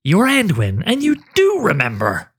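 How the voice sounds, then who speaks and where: A man's voice: high voice, huge pitch swings, measured pace, a bit bright, breathy edge, pitched above the performer's own voice, exaggerated voice. A man voicing a mocking, disembodied male spider creature with a cruel, taunting manner in a storybook reading. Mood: sneering. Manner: taunting, sneering.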